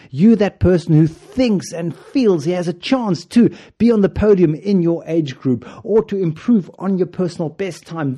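A man's voice: a little high, warm tone. A man hosting a running podcast in a casual monologue, playful and joking, often chuckling as he tells stories. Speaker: podcast host and running coach.

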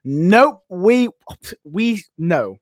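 A young man with a British accent, chatting on a podcast in a jokey, animated way that is often broken up by laughter. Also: high voice, very slow, no room sound, clean studio sound. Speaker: podcast co-host. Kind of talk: casual chat.

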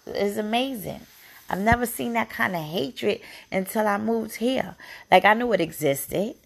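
A young adult woman with a gravelly voice, speaking in an emotional personal monologue to camera, repeating phrases and sometimes dropping to a whisper. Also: mid-range voice, expressive, unhurried. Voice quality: gravelly, heavy vocal fry.

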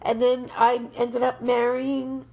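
A woman's voice: a little high, completely flat delivery, slow, mellow. A woman from New York, co-hosting a podcast in playful, chatty conversation. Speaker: podcast co-host. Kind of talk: casual chat.

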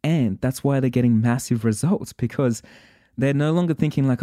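A man's voice: medium pitch, normal speed, dark tone, dry recording, clean studio sound. A man hosting a podcast, talking straight to listeners in a passionate, worked-up motivational monologue. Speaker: podcast host.

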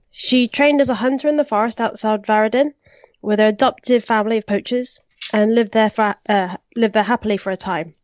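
A woman reads through a prepared introduction of her game character, steady and even, with the odd uh as she corrects herself. Her mid-pitched voice comes through a close, dry, slightly dull lo-fi mic. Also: dry recording. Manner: steady, lightly scripted, occasional uhs. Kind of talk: read-out podcast introduction.

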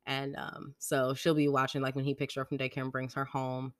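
A woman's voice: a bass voice, completely flat delivery, brisk, no echo, clean studio sound. A young woman hosting a podcast, telling stories about her daughter in a slangy, rambling way with lots of "like". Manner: chatty storytelling, slangy, lots of "like". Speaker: podcast host. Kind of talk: casual chat.

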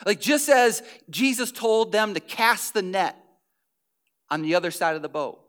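A man's voice: high-pitched, animated, measured pace, a bit bright. A pastor preaching a conversational sermon, repeating phrases for emphasis and often restarting his sentences.

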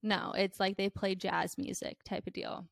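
A woman's voice: mid-range voice, little pitch movement, normal speed, gravelly, dry recording, clean studio sound. A young woman hosting a podcast, talking in a candid, blunt way with lots of fillers. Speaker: podcast host. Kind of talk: casual chat.

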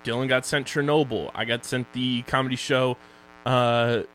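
A man's voice: medium pitch, flat delivery, moderate pace, a bit bright, a little hiss or hum. A young man co-hosting a casual podcast about streaming shows, joking loosely as he runs through social plugs and sponsor reads. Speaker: podcast co-host.

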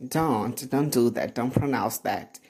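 A woman with a strikingly deep, low voice gives a podcast pronunciation lesson. She speaks unhurriedly, repeating each sound with care. Her corrections stay gentle. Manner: slow, deliberate, models sounds by repeating them. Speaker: pronunciation teacher.

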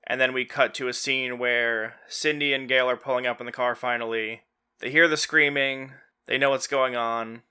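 A man's voice: mid-range voice, fairly even intonation, normal speed, pushed and bright, clear, resonant tone. A man hosting a podcast, casually retelling a movie plot scene by scene and loosely quoting the characters. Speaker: podcast host.

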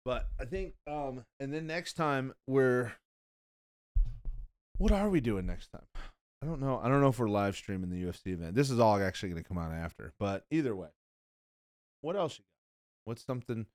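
A man's voice: mid-range voice, expressive, moderate pace, long pauses, darkish tone, no echo. A young man hosting a podcast in casual chat, rambling and profane, calling people "bro" and "dude.". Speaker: podcast host.

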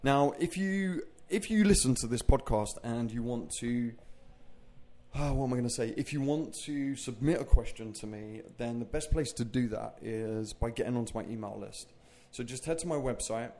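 Medium in pitch and dark in tone, the man's voice moves at a normal speed. A fitness coach, he hosts his own podcast and chats casually on his own, rambling and making jokes at his own expense.

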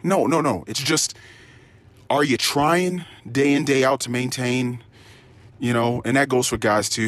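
A man's voice: medium pitch, a little slow. A man rambling through a spoken diary in a crude, profane, ranting way. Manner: animated, swings into mock-excited tones. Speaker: diary podcast host.

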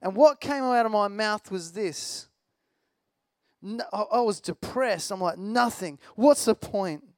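A man's voice: high voice, measured pace, no echo. A man preaching a sermon in a conversational, storytelling way, with a self-deprecating personal anecdote.

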